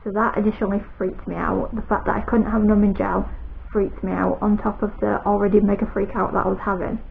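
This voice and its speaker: A woman's voice: medium pitch, little pitch movement, brisk, vocal fry. A British woman vlogging in casual chat to camera, telling her story in a rambling, anxious way. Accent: British English. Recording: tinny phone-like sound with faint noise.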